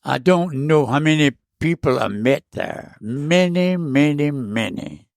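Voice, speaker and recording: A very old man, telling stories in a gravelly voice. He talks slowly and rambles, repeats himself and restarts often. The recording is close and dry. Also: fairly high pitch, animated, no echo. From South Louisiana. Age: 90s. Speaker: guest. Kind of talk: casual storytelling interview.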